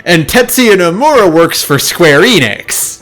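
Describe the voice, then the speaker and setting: Lively man explaining game lore. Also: high voice, unhurried, faint music behind. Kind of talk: casual chat.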